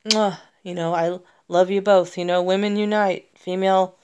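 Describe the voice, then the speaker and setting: A woman's voice: on the low side, steady tone, moderate pace, a little mellow, smooth. An American woman talking in a personal vlog monologue, emotional and rambling, with many restarts. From United States.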